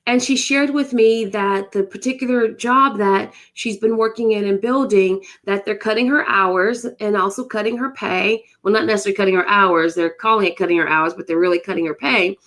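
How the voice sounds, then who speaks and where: A woman's voice: mid-range voice, fairly even intonation, a little fast, few pauses, fairly bright tone. A woman from the United States, hosting a live motivational talk and speaking emphatically straight to her viewers. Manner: emphatic, repeats phrases, talks to viewers. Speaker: host of a live motivational show.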